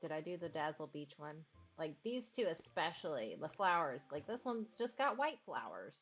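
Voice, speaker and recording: A woman with a slightly low voice chats loosely while streaming a game, thinking aloud and cooing at her dogs now and then. The audio is a bit dull and lo-fi. Faint game music plays underneath. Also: very animated, moderate pace, fairly bright tone, husky. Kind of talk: casual game stream chat.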